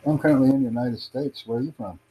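A man's voice: mid-range voice, fast, warm tone, a little hiss or hum, poor audio. A man hosting his own livestream podcast, chatting casually with callers in a rambling, repetitive, self-promoting way. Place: in the United States.

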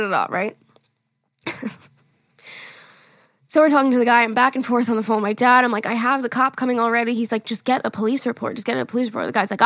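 A woman's voice: on the high side, a bit bright, no room sound. A young woman co-hosting a podcast, telling a story in casual chat, acting out quotes and laughing often. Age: young adult. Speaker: podcast co-host.

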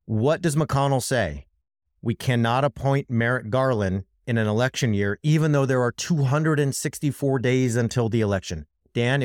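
A man's voice: mid-range voice, no room sound, clean studio sound. A man co-hosting a podcast, talking through politics in an impassioned, emphatic way and speaking straight to his co-host. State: worked up. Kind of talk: casual political commentary.

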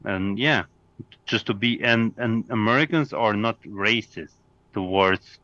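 A man as a podcast guest in casual chat, often pausing and restarting as he searches for words. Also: fairly low pitch, bright, forceful tone, dry recording, highs cut off.

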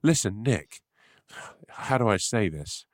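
A man's voice: lowish voice, sing-song, takes it slowly, no echo, studio quality. A man improvising a nervous friend who delivers bad news in an overly decent, wholesome voice. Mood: prim, nervous. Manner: overly prim, wholesome and formal. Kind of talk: comedic improvised role-play.

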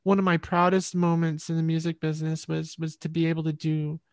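Gravelly-voiced woman telling her story. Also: low voice, completely flat delivery, brisk, no room sound, studio quality. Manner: rambling, reflective storytelling with repeated restarts. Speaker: musician guest. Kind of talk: conversational storytelling in an interview.

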